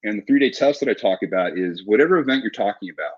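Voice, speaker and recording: A man in his forties, a martial arts instructor, telling stories in a relaxed interview with frequent restarts. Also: on the low side, fast talker, breathy edge. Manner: relaxed storyteller with many restarts. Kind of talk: casual interview talk. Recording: dull lo-fi audio.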